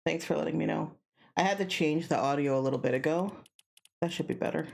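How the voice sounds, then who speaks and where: A tired woman streaming a video game from home, chatting casually and rambling between bursts of excited yelling. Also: deep voice, fast, vocal fry. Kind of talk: casual gaming stream chat.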